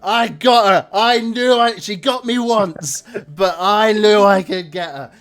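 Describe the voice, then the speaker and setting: A man voicing an enthusiastic, pushy young human man, loud and gushing. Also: high voice, big pitch swings, fast, pitched above the performer's own voice, full character voice. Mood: boisterous.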